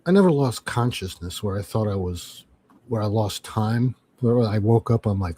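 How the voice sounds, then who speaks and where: A middle-aged man from New York telling a profane, animated story in casual chat, acting out quotes as he goes. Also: fairly low pitch, normal speed, a little hiss or hum. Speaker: livestream host.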